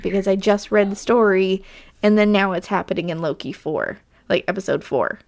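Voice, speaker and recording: A woman's voice: medium pitch, lively intonation, moderate pace. Woman with a scratchy allergy voice. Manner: rambling, chatty, with many fillers. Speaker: podcast host. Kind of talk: casual solo podcast chat.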